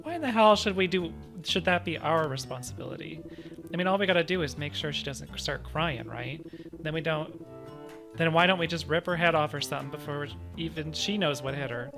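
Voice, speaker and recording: A crude, grumbling monster who swears and drops slang, as a man reads him out. The voice sits a bit high for a man, and game music plays clearly underneath. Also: brisk. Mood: aggressive. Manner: gruff, swearing, slangy drawl. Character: gruff grumpy male monster, rude and crude. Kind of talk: reading game dialogue aloud. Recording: game music playing behind.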